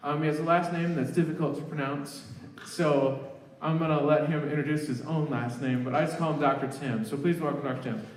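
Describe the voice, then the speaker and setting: A man's voice: on the high side, steady tone, brisk, background noise. A man on a music faculty giving firm announcements and introducing a guest speaker. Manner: firm, insistent. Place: university hall. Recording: roomy hall from far off.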